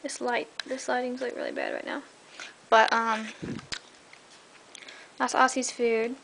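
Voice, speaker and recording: A young woman with a fairly high voice chats on through a home tour of her pets' cages. She sounds tired and rambles, full of ums and likes. The handheld camera mic picks up clear background noise. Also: huge pitch swings, measured pace. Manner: rambling, chatty, many fillers; high coaxing voice when calling her pets. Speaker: pet vlogger. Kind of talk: casual pet cage tour. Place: indoor room at home.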